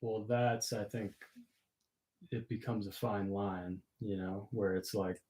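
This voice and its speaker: A man in the room speaking up from away from the microphone, quiet and brief, mostly agreeing. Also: on the low side, steady tone, slow pace. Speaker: friend in the room. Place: off-mic in a streaming room.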